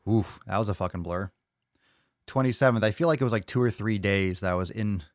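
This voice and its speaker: A man with a lowish voice talks briskly in a clean studio recording with no room sound. He's hosting a live fitness podcast stream, chatting loosely with viewers in a loud, joking way, swearing and rambling as he goes.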